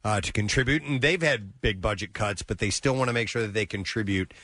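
A man's voice: on the low side, a little fast, a bit bright, dry recording. A man hosting a radio show, chatting casually with co-hosts, making crude jokes and reading odd news stories aloud. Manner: joking, crude humor.

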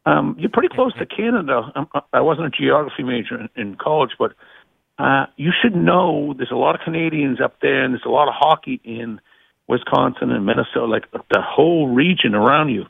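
Gravelly Boston caller on a tinny phone line. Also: male voice, mid-range voice, animated, brisk, no room sound. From Boston area. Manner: rambling, repeats words. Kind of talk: casual chat on a phone call.

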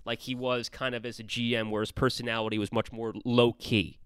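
A male sports host sets up his questions with long recaps of stats and dates. His voice is smooth and resonant at a middle pitch. The sound is dry and close. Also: level tone, fairly quick, a bit bright, dry recording. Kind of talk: interview questions.

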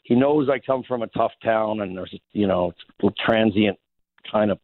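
Ex-hockey man, low voice, rambling anecdotes, phone-quality, dry sound. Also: a little slow, no room sound. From Saskatchewan, Canada. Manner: rambling, many restarts, chuckles through stories. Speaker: interview guest, former hockey player. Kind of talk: casual anecdotal storytelling. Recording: phone-like narrow band, dry.

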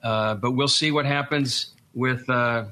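A man with a Boston accent explaining things earnestly as a guest in a conversational discussion, often pausing on fillers and restarting. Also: mid-range voice, steady tone, sharp tone. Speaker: guest commentator.

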